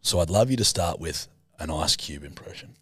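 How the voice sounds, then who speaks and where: A man's voice: rumbling low, animated, moderate pace, fairly bright tone, husky, no echo. A man co-hosting a comedy podcast, teasing and mock-grumpy as he judges. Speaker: podcast co-host. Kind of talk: casual podcast banter.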